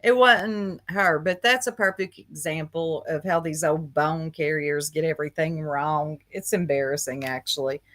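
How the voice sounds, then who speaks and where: A woman's voice: low-pitched, fairly even intonation, moderate pace, few pauses, fairly bright tone. A woman hosting a casual livestream, gossiping with chat and greeting viewers by name, laughing often. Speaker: livestream host.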